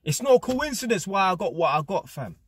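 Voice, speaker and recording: A man's voice: high voice, sing-song, fairly quick, a little hiss or hum. A young man with a London accent talking straight to his viewers in a casual, blunt motivational monologue, peppering his talk with slang. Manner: London slang, blunt and emphatic, repeats "blood" and "fam". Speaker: vlogger.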